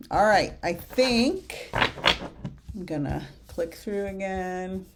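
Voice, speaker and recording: A woman with a lowish voice reads oracle card texts aloud at an unhurried, slow pace. Between the readings she chats in an effusive way to viewers by name. She sounds like a medium hosting her own card-pulling video. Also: lively intonation, vocal fry, heavy background noise.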